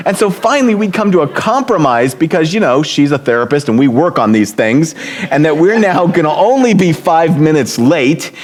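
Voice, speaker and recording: A man's voice: fairly high pitch, expressive, normal speed. A middle-aged man speaking at a church leadership event, telling personal stories and lifting his voice to act out what others said. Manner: warm storytelling, acts out quotes with raised voice. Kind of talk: storytelling talk.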